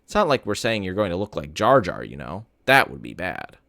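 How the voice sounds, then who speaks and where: A man's voice: deep voice, sing-song, fairly quick, gravelly, bright, forceful tone, no echo, clean studio sound, full character voice. A man reading as a playful, upbeat ear doctor. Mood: reassuring. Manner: reassuring, playful.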